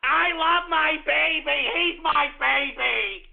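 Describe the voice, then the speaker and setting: A man's voice: extremely high pitch, slow pace, creaky, voice pushed up, exaggerated voice. A man putting on a mocking voice of a doting mother cooing over her grown son. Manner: mocking, sing-song cooing. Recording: tinny phone-like radio audio.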